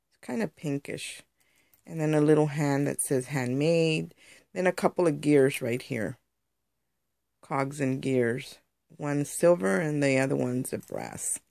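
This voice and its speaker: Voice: medium pitch, creaky, darkish tone, dry recording, clean studio sound. A crafter chatting through a casual show-and-tell tutorial on handmade jewelry, rambling and explaining step by step.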